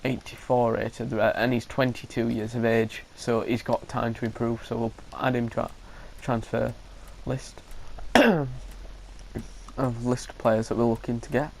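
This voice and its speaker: A man talks through his game at a middling pitch, thinking aloud and often restarting his sentences. He coughs now and then, and a faint hum sits behind his voice. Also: steady tone, measured pace, gravelly, darkish tone, rough recording. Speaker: gaming commentator. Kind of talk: casual gameplay commentary.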